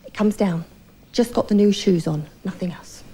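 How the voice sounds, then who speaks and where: A woman's voice: mid-range voice, moderate pace, mellow. A woman performing a bawdy, confiding stand-up routine, talking directly to the audience. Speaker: stand-up comedian.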